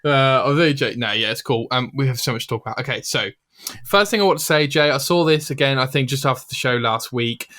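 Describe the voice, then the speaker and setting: A man's voice: medium pitch, fast talker, sharp tone. A man hosting a casual gaming podcast, talking loosely with lots of fillers and reading out a listener's email. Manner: chatty, filler-heavy, reads out listener email. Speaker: podcast host.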